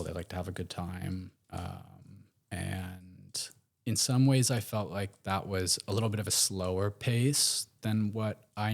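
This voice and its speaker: An American man, a podcast guest, telling stories in a relaxed, rambling way with plenty of fillers and restarts. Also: deep voice. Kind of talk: casual interview storytelling.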